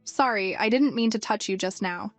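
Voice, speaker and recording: A woman's voice: medium pitch, moderate pace, dry recording, close to an everyday voice. A woman reading an earnest, shy young henchman. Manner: earnest, flustered. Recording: dry, music faint behind.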